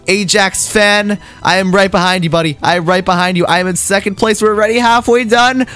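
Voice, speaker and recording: Young male gaming commentator, high-pitched and excitable, light music bed. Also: fast, hardly any pauses. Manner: excitable, yelps and laughs at mishaps. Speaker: gaming YouTuber. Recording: faint game music underneath.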